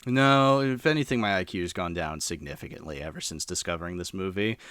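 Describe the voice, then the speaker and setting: A man's voice: low voice, fairly quick, fairly bright tone, clear, resonant tone, no echo. A man in a casual podcast chat, rambling animatedly through a film's plot with lots of fillers. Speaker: podcast co-host reviewing a film.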